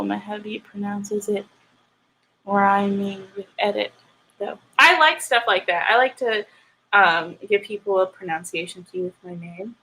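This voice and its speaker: A young woman hosting a writing livestream, chatting casually with viewers and getting animated and ranty. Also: medium pitch, measured pace, slight background noise, poor audio. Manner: animated, ranting. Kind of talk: casual chat with live viewers.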